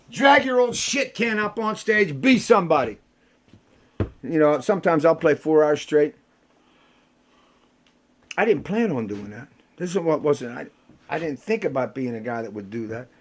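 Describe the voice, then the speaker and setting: An older man, a rock musician bantering with the audience between songs and telling stories in a salty, rough-edged way. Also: fairly high pitch, slight background noise. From Pittsburgh. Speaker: rock musician performing a solo show.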